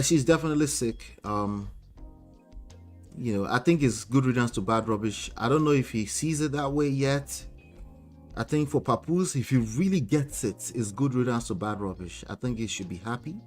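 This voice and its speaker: A man hosting a commentary show, reacting to celebrity clips with animated, incredulous questions and reading comments from the chat. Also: medium pitch, normal speed, faint music behind.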